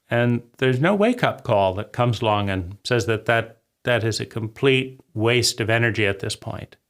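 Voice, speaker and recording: Gravelly man in his forties musing aloud. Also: medium pitch, fairly bright tone. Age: 40s. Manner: rambling, conversational, keeps asking "right?". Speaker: vlogger. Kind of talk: reflective spoken monologue.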